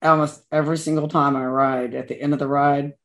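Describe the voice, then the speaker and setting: Man, podcast co-host, casual chat, eager, laughs easily, gravelly. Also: fairly high pitch, level tone, fairly quick, a bit bright.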